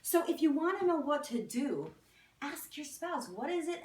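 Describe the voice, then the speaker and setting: A woman's voice: high-pitched, sing-song, normal speed. A woman giving a talk to a live audience as a guest speaker, often asking the crowd questions. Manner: engaging, asks the audience questions. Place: event hall with audience. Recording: echoey hall, distant mic.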